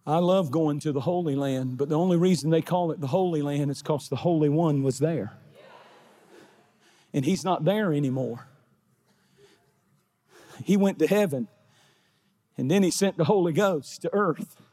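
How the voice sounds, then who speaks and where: A middle-aged man, preaching a sermon in a church sanctuary and often building to shouts. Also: fairly high pitch, moderate pace, pauses often. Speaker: pastor.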